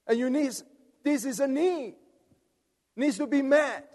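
A man's voice: extremely high pitch, measured pace, pauses often, a little mellow. A man preaching a sermon, rousing, coaxing the audience to respond. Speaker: preacher leading a conference message. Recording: long reverb of a large hall.

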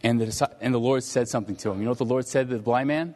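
A man's voice: mid-range voice, quick pace, darkish tone. A man preaching a sermon in a conversational way, acting out the disciples and Jesus in quoted dialogue. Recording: long hall reverb.

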